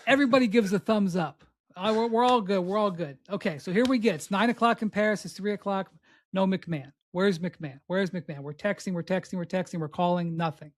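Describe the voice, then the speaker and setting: Man hosting a podcast, animated storyteller. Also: high-pitched, normal speed. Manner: animated storytelling, acts out others' lines. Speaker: podcast host. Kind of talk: casual podcast chat. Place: remote from abroad.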